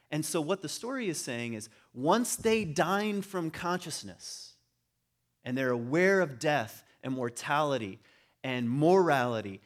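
A middle-aged man speaks informally to a group about religion and the home, keeping it conversational before building to animated emphasis. His voice is a little high.

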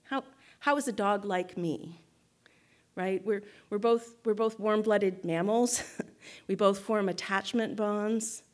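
A woman speaking slowly and deliberately, like a guest speaker leading a reflective teaching. She talks in a thoughtful, measured way, often pausing to check in with her listeners and restarting her phrases. Her voice sits in an ordinary middle range. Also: mid-range voice.

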